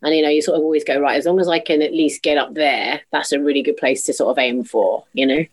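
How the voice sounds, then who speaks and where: A woman's voice: deep voice, fast, husky. Bubbly woman acting out quotes. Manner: bubbly, animated, acts out quotes in funny voices. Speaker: musical theatre actress, guest. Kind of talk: casual interview chat.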